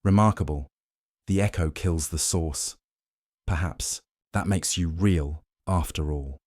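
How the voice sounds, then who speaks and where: A man voicing a cold, smug male villain mastermind in an audio story, speaking smoothly. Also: low-pitched, measured pace, darkish tone, no echo, studio quality. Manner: silky, smug.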